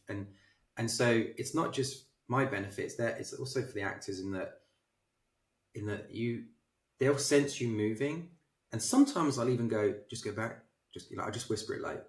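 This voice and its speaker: A film director, a man, telling anecdotes in an animated, self-deprecating way as an interview guest. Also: fairly low pitch, far from the mic. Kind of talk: casual interview storytelling. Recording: roomy echo.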